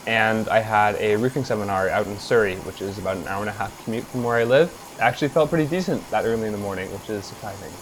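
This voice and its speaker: A young man narrating his training week as a vlogger in a relaxed, chatty way, with light chuckles now and then. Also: on the low side, fast, few pauses, a little hiss or hum. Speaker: vlogger, triathlete. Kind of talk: casual voice-over narration.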